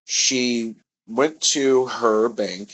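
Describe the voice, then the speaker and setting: A man's voice: medium pitch, steady tone, drawn-out words, fairly bright tone, breathy edge, rough recording. A man telling a meandering personal story, often correcting himself mid-sentence.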